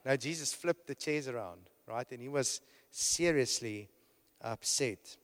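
A man's voice: medium pitch, a little slow. A man preaching a sermon to a congregation. He talks emphatically, repeats and restarts his phrases, and keeps checking in with his listeners. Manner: rhetorical, keeps checking in with "right?". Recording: long hall reverb.

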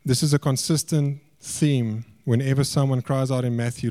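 A man preaching a sermon, swinging between raised, emphatic lines and quiet, hushed asides. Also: medium pitch, fairly even intonation, normal speed.

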